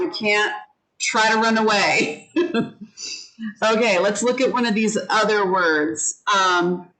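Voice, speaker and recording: A woman's voice: on the high side, fairly bright tone, poor audio. A woman teaching an English vocabulary lesson, patiently walking the class through word meanings and having them repeat each word after her. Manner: slow, patient, leads the class in repeating words. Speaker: ESL teacher.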